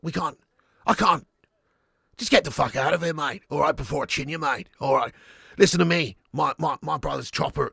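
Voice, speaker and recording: A man putting on the voice of a gruff, combative Australian football manager, gravelly and mumbling, who ends his lines with "mate". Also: a little high, pushed and bright, dry recording, studio quality, full character voice. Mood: defensive.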